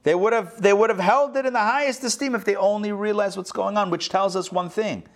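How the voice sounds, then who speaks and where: A man teaching a class as a rabbi, his voice sitting a touch higher than most men's. He talks with energy and keeps tossing rhetorical questions to his students, then answering them himself. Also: brisk. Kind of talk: interactive lesson.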